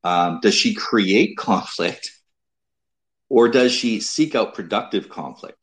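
Guy with a real low husky voice, giving dating advice, slow and stop-start. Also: lively intonation, fairly bright tone, rough recording. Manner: measured, stumbling restarts and repeated words. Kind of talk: casual advice talk.

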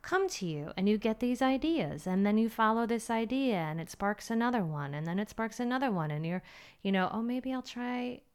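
A woman's voice: mid-range voice, sing-song, fairly quick, a little mellow, clean tone. A woman hosting her own podcast as a personal trainer, chatty and upbeat, acting out her inner voices as she talks. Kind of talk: solo podcast talk.

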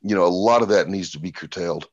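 A middle-aged man talking bluntly and profanely as a podcast guest, telling animated stories. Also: low voice, quick pace, lo-fi sound. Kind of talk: casual podcast conversation.

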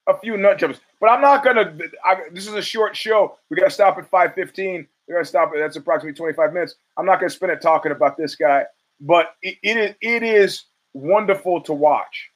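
A man's voice: high voice, rough recording. A man hosting a podcast, delivering a blunt, profane, riffing monologue of opinionated sports commentary. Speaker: podcast host.

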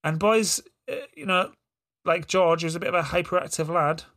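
Blunt, sweary dad with a bright voice. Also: male voice, a little high, moderate pace. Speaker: podcast co-host. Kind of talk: casual banter.

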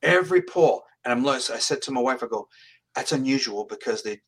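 A man's voice: mid-range voice, animated, fairly quick, poor audio. A man from Canada, a psychic medium guest in an interview, telling his stories in an earnest, plain-spoken way and often restarting his phrases. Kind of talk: storytelling in an interview.

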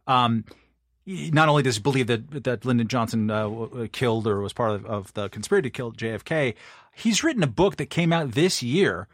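A man's voice: medium pitch, a little fast, dry recording, clean studio sound. A man co-hosting a political podcast, a reporter who talks hesitantly with many fillers. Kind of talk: casual political chat.

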